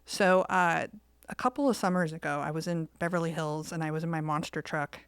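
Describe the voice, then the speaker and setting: A woman's voice: deep voice, a little fast, smooth, no echo. A woman co-hosting a podcast, telling a story in casual chat and acting out the quoted lines. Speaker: podcast co-host.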